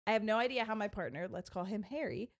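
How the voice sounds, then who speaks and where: A woman's voice: mid-range voice, lively intonation, quick pace. A woman streamer reading a funny story aloud to friends in casual chat, giggling often.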